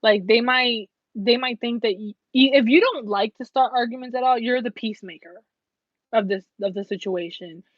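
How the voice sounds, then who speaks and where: A woman's voice: on the high side, moderate pace, no echo, lo-fi sound. A young woman giving a casual tarot reading, blunt and profane, laughing and acting out little scenes. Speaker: tarot reader.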